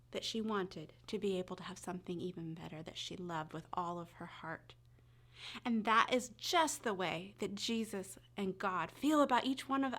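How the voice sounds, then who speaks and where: Expressive woman telling a children's story. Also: mid-range voice. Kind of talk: children's story and short sermon.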